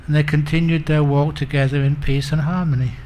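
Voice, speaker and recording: A man's voice: a little high, little pitch movement, fairly quick, darkish tone, a little hiss or hum. A man giving a Buddhist dharma talk, telling humorous stories and chuckling at his own jokes. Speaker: Buddhist monk teacher.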